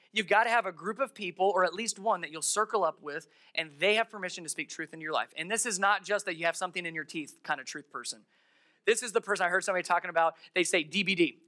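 Bright-voiced pastor preaching. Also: mid-range voice. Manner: emphatic, acts out the story's characters. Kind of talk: sermon. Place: church.

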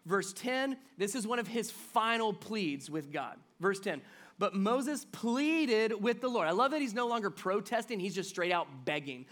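A middle-aged man preaching a sermon as pastor, swinging from loud emphatic build-ups to near-whispered pleading. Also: high-pitched, lively intonation, moderate pace.

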